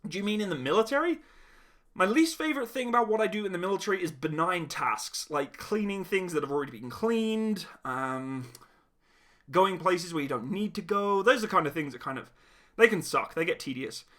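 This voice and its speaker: In a casual live chat stream, a young man reads out donations and often laughs at himself. His high-pitched voice is expressive, brisk, and fairly bright, and his manner is giggly and self-mocking.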